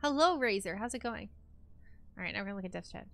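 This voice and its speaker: Woman streamer, playful, swears freely, bright voice, faint background music. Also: medium pitch, lively intonation, fast talker, creaky. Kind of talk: casual chat on a collab stream.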